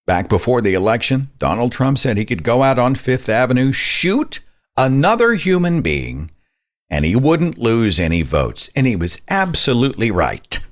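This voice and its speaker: A man's voice: mid-range voice, sing-song, normal speed. A man hosting a podcast, giving indignant, sarcastic commentary and mocking the views he criticizes. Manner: sarcastic, indignant, mocks others' voices. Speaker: podcast host. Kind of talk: opinionated commentary.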